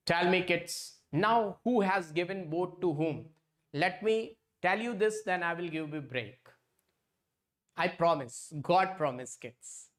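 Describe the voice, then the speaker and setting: A man's voice: high-pitched, expressive, slow, fairly bright tone. A man teaching an online exam-prep lecture. He repeats points again and again and keeps calling his students kids.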